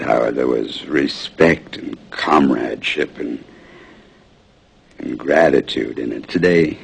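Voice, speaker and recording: A gravelly, desperate old salesman. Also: rumbling low, full character voice, low-quality recording. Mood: wistful. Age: 60s. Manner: rambling, pleading, bursts into shouting. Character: worn-out old male salesman, desperate and proud. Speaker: aging traveling salesman. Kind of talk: film drama acting.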